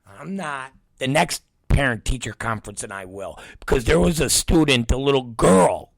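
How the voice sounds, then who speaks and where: In a creaky, mid-range voice at normal speed, a middle-aged host tells a profane story on his show. He acts out each person's voice, stays animated, and swears all the time. The recording is dry.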